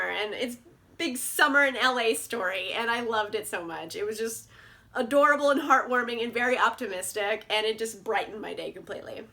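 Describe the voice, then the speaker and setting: A bubbly young woman chatting about her favourite books, her voice high and bright. She gushes and peppers every sentence with "like". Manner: bubbly, gushing, lots of "like" fillers. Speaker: book vlogger. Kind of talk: casual chat.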